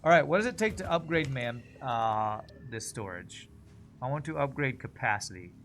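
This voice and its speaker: Guy streaming a game, chatty and thinking out loud, mid pitch, a little faint hiss behind. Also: expressive. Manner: chatty, thinks aloud, quick laughs. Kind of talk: casual gameplay commentary.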